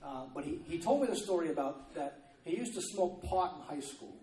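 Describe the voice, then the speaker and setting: A man delivers a sermon in a chatty, conversational manner, often pausing to check in with his listeners. His voice is slightly high and mellow. He sounds somewhat distant from the mic, in an echoey church room. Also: expressive, a little hiss or hum. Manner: conversational, repeats "okay?" to check in. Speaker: preacher.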